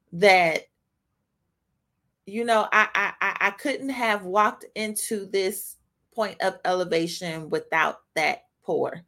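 A woman hosting a faith podcast, speaking off the cuff, emotional and choked up, halting with frequent restarts. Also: mid-range voice, fairly bright tone. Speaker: podcast host giving a devotional. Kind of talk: spontaneous faith talk.

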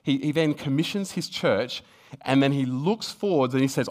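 A man with a slightly high voice preaches a sermon at a normal speed, speaking earnestly with frequent restarts. He reads scripture passages aloud along the way and builds to emphatic peaks.

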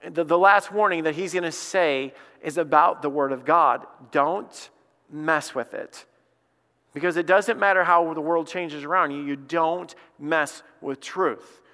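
A male pastor preaches with passionate emphasis, often stumbling over repeated words as he builds. His voice sits a little high for a man. The sermon rings out in a church hall with a long reverb tail. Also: normal speed, sharp tone.

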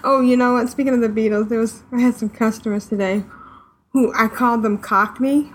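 Brief: female podcast co-host, bright higher register, rambling casual talk. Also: fairly even intonation, fairly quick. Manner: chatty, rambling with restarts. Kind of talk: casual chat.

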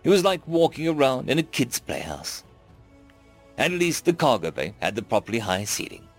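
A man narrating a first-person science fiction story in a wry, expressive way. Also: mid-range voice, moderate pace, faint music behind. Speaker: audiobook narrator.

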